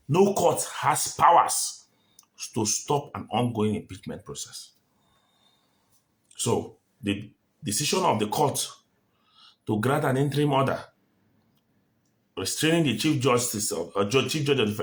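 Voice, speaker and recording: A man giving his legal opinion on a court order, emphatic and repeating his key phrases. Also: mid-range voice. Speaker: legal commentator. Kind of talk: spoken opinion commentary.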